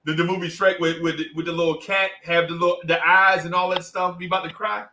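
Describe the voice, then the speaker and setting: Man, livestream host, animated storytelling, bright tone, fairly high pitch. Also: fairly quick, slight background noise, rough recording. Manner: animated storyteller, acts out voices, reads chat aloud.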